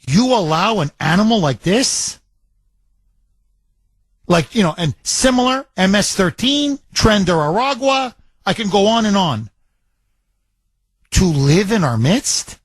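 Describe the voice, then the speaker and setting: Fiery talk radio host, man, high-pitched delivery, dry close studio sound. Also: expressive, a little slow, long pauses, breathy edge, no room sound. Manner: ranting, indignant, emphatic. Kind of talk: political talk radio monologue.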